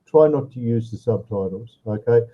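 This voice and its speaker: A man with a mid-range voice speaks at normal speed, and the audio is narrow and tinny from a video call. He's an English tutor in an online lesson, explaining things patiently and checking in with "okay?" and "all right?" after each point.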